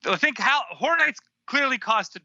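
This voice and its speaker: Bright, high-voiced man on a dull line. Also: expressive, creaky, no echo. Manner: quick to agree, laughs often, restarts sentences. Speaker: podcast co-host. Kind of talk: casual chat over a call.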